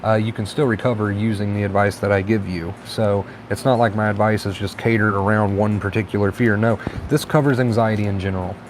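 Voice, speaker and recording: Relaxed man hosting a live chat. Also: on the low side, fairly quick, few pauses, background noise. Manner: relaxed, encouraging, reads viewer comments aloud. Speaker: livestream host. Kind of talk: casual live-stream chat reading comments.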